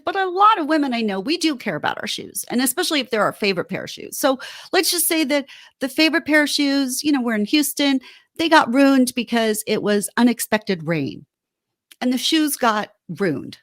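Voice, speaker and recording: A high-pitched woman co-hosting a relationship podcast, her voice swooping up and down as she talks. She sounds animated and casual. The recording is close and dry. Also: dry recording. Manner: animated, acts out heated quotes. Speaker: podcast co-host. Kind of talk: casual relationship advice chat.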